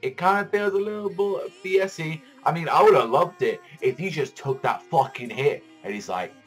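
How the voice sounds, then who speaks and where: A man giving casual reaction commentary on a manga chapter, excitable and profane, rambling with lots of fillers. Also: a little high, moderate pace, slightly rough, soft background music.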